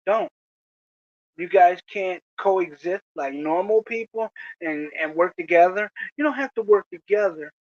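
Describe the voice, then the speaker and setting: A vlogger delivers a slow, moralizing lecture aimed at feuding creators, stopping again and again for a "you know?". The voice sits dry and close, with no room sound. The recording is dull and lo-fi. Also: mid-range voice, dry recording. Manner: preachy, lecturing, repeats "you know?" often. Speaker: video creator addressing rival channels. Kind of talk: moralizing monologue to camera.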